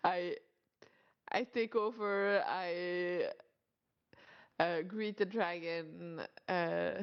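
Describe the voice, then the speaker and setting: A woman player calmly describing her character's actions in a tabletop game. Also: lowish voice. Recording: dull lo-fi sound.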